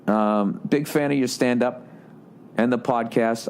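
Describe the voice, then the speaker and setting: A man's voice: medium pitch, steady tone, unhurried, a little mellow, slight background noise. A man hosting a podcast, ranting with heavy swearing and sarcasm and reading listener letters aloud. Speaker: podcast host. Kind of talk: casual podcast monologue.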